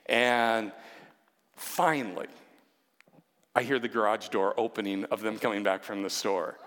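Man, fifties, mid-pitched voice, personal storytelling, self-deprecating asides, long hall echo. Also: moderate pace, a bit bright.

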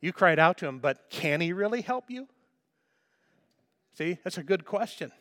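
Male pastor, fervent sermon delivery, emphatic repetition, voice sitting a little high. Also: lively intonation, normal speed, long pauses, fairly bright tone.

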